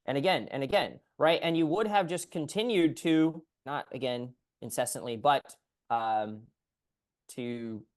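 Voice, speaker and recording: Male PT coach on a call, animated, acts out client lines. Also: mid-range voice, unhurried. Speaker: physical therapist coach.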